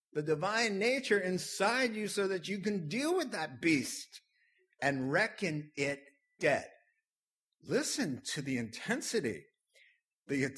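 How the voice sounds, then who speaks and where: A male pastor preaches a sermon in a church, emphatic and deliberate. His slightly husky voice rises and falls widely in pitch. He takes his time, swinging from hushed asides to loud declarations.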